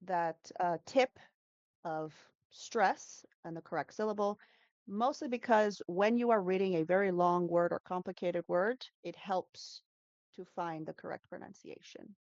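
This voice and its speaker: A woman's voice: fairly low pitch, measured pace, a little mellow, no echo, dull audio. A woman who teaches English, talking through pronunciation tips in a casual interview, explaining patiently and demonstrating sounds with frequent fillers.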